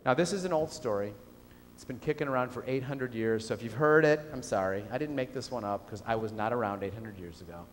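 A man's voice: medium pitch, fast, a little hiss or hum. A man giving a business keynote speech to a live audience, telling a story and asking the room questions. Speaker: keynote speaker. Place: lecture hall with audience. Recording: reverberant hall.

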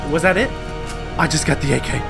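A young man giving live, excitable commentary on a game he plays, swearing and yelling when surprised. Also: a little high, quick pace, vocal fry, music in the background. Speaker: gaming commentator.

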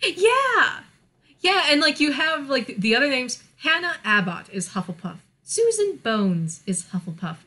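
Bright, chatty American woman. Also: high voice, sing-song, a little slow. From United States. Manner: chatty, lots of fillers, laughs often. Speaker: podcast co-host. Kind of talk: casual chat.

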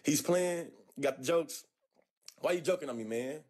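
An American man chatting casually on a video call, talking in loose slang and stumbling over his words with repeated restarts. His voice sits a little high for a man. The sound has the plain pickup of a video call. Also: normal speed, darkish tone. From United States. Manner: slangy, laid-back, stammering restarts. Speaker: streamer chatting with strangers online.

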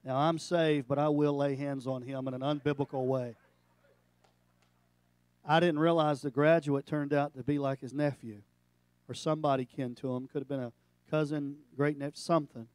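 A middle-aged male pastor giving a sermon, animated and storytelling, breaking into jokes. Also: mid-range voice, moderate pace, clean tone, dry recording.

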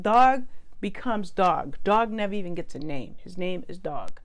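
A woman giving a casual spoken book review, chatty and prone to correcting herself and wandering into asides. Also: medium pitch.

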